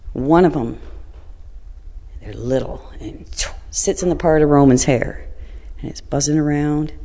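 A middle-aged woman telling a personal story in a blunt, colloquial, animated way. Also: sits low, big-room sound.

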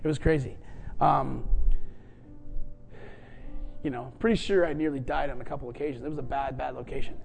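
A man's voice: medium pitch, a little fast, vocal fry, long pauses, darkish tone, faint music behind. A man preaching, telling a personal story and acting out the voices of the people in it. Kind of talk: sermon storytelling.

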